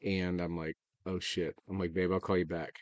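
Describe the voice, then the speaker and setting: A man, hosting a casual chat and telling a profane, animated story with acted-out quotes. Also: deep voice, normal speed, no echo, dull audio. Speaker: podcast host.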